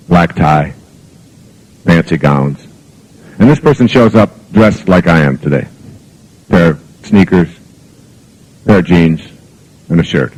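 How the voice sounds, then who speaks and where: A man's voice: low voice, a little mellow, husky, rough recording. A man giving a spoken lecture to an audience as a motivational speaker, telling anecdotes in an earnest, reflective way with plenty of fillers. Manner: rambling anecdotal storytelling with fillers.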